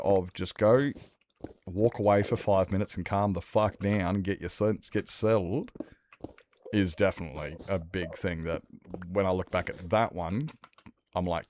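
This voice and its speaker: A man's voice: low voice, dark tone, a little hiss or hum. A man chatting casually while streaming a game, rambling and repeating himself, swearing freely. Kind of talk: casual gameplay stream chat.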